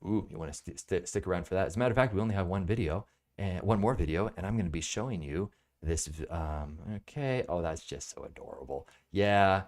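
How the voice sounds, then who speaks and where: A man's voice: sits low, animated, fairly quick, darkish tone. A man hosting a live broadcast as a product reviewer, chatting casually and laughing at his own jokes. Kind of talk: casual live-stream chat.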